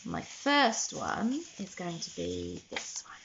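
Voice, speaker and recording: A woman teaches phonics to young children. She speaks slowly, breaks each word into separate sounds, and gives frequent praise. The recording sounds a little dull and lo-fi. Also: deep voice, wildly swooping pitch, gravelly, fairly bright tone, a little hiss or hum. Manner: slow, sounding out words letter by letter with encouraging praise.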